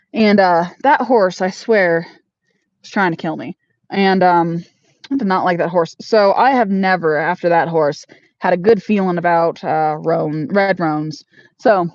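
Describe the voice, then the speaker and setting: Homestead host, woman, mid pitch, casual chatter and baby talk to her pony, dull dry recording. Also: darkish tone, no echo. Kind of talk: casual livestream chat while grooming a horse. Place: horse barn arena. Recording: dull lo-fi sound.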